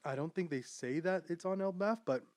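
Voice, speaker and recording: A man's voice: high-pitched, a little fast, darkish tone, no room sound. A man hosting a podcast, talking casually and enthusiastically about a manga, rambling with many fillers and restarts. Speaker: podcast host.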